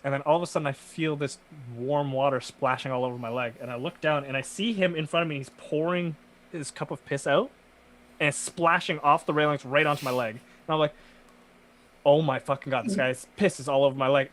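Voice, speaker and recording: Young male co-host, mid-pitched, lively and profane raconteur, faint hiss behind. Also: rough recording. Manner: animated, profane storyteller, bursts into laughter. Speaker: podcast co-host. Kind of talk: casual storytelling chat.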